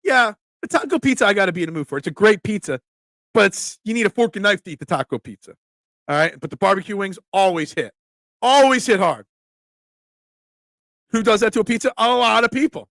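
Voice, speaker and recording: High, gravelly talk-show host. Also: male voice, brisk, no room sound. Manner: animated, emphatic storytelling. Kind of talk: casual talk-show rant.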